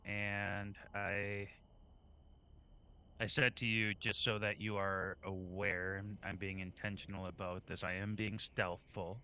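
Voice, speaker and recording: Bright, flat-voiced man playing a tabletop game. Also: fairly low pitch, smooth, highs cut off. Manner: deliberate, careful, halting with fillers. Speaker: player. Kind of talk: tabletop game play over a stream.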